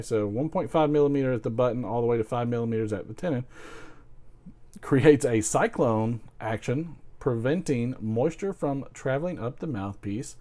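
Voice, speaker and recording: A man's voice: mid-range voice, dark tone. A man in mid voice chats casually on his pipe-smoking channel. He rambles, laughs at his own jokes and slips into silly impressions. The talk is loose and self-deprecating. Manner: chatty, self-deprecating, laughs often, tries comic voices. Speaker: pipe-smoking video host.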